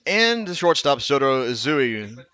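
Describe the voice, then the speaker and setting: A man calling baseball play by play in a steady, measured way, now and then correcting himself. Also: medium pitch. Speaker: play-by-play announcer.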